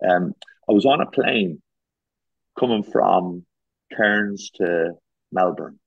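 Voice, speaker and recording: A man's voice: low voice, takes it slowly, creaky, husky, no room sound. An Irish man, a garden designer, chatting casually as a guest, telling rambling anecdotes with many restarts and self-deprecating jokes, on a dull lo-fi recording. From Ireland. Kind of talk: casual storytelling chat.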